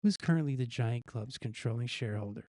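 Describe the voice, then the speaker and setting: Mellow-voiced man hosting a jokey quiz. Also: mid-range voice, fairly quick, no room sound, studio quality. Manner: jokey, reads quiz questions aloud and guesses the answers himself; chuckles at his own gag answers. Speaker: news show host. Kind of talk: casual live-stream news quiz.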